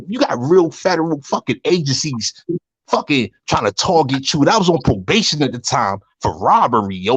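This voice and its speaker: A man in a heated live-stream rant, swearing and repeating himself as he builds up. His voice is husky and sits a little high, swinging widely up and down. The sound is dry and close. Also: no room sound. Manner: profane, heated, repetitive ranting. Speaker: guest on a live online panel.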